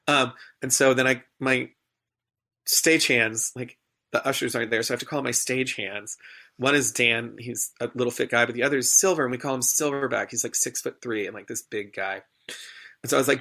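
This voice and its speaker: A man, a stage performer, telling an animated story in a podcast interview and acting out the people in it. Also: mid-range voice, a little fast, gravelly. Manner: animated, acts out voices in his anecdotes.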